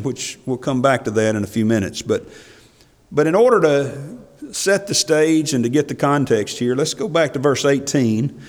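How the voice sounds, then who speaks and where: A male pastor preaching a sermon, reading scripture in old-fashioned wording and rising to emphatic passages before dropping quiet. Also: a little high. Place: church sanctuary. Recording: long hall reverb from a church.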